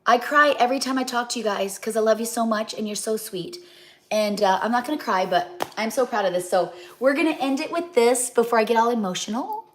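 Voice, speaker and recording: Middle-aged woman, home cook hosting a livestream; slightly high voice, rambling and heartfelt, loses her thread. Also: fairly quick. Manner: chatty and heartfelt, talks straight to viewers. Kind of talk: casual livestream chat.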